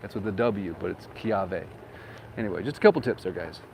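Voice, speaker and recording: A man's voice: deep voice, animated, fairly quick, creaky, darkish tone. A man giving a casual, joking street tour, talking while moving outdoors into a wind-muffled mic. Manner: upbeat, joking, rambling asides. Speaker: real estate agent giving a town tour. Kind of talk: casual chatty tour commentary. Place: outdoors on a town street, riding through. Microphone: wind-muffled mic with windsock. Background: faint wind and street traffic.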